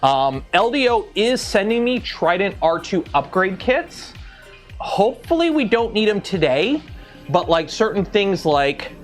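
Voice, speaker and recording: A man's voice: sits high, sing-song, measured pace, soft background music. A man streaming live from his workshop, chatting casually and thinking aloud as he builds a 3D printer. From Canada.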